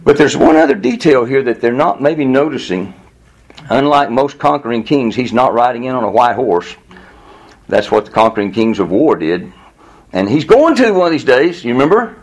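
A man's voice: mid-range voice, moderate pace. Conversational man preaching a sermon. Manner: conversational, animated, chuckles often, repeats words. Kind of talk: sermon teaching.

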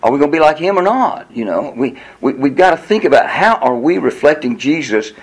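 A man's voice: on the high side, very animated, fairly quick, slightly rough, poor audio. A man leading an interactive Bible class, asking questions and preaching to the group.

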